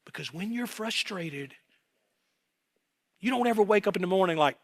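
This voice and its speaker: A middle-aged man preaching a sermon as pastor, animated, acting out voices and quotes as he goes. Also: high voice, normal speed, pauses often. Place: worship hall.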